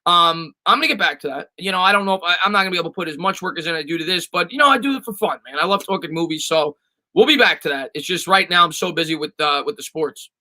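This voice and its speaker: Bright, high-voiced stream host. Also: male voice, fast talker, rough recording. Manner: reads chat questions aloud, many fillers and restarts. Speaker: sports stream host answering chat. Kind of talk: casual live-stream Q&A.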